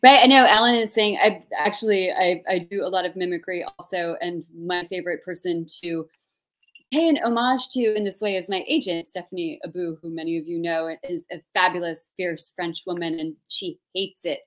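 A woman's voice: on the low side, moderate pace, a bit bright. A woman hosting an interview over a video call, playful, chatty and self-mocking. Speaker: host. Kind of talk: interview, casual chat.

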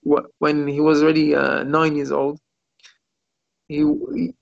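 A man teaching a Torah class as a rabbi over a video call. He tells stories and often pauses to search for English words. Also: on the high side, completely flat delivery, gravelly. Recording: muffled video call audio.

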